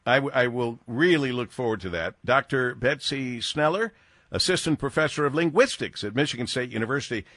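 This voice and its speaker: A male radio host interviewing a guest, lively and joking. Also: medium pitch, a little fast, no echo, clean studio sound.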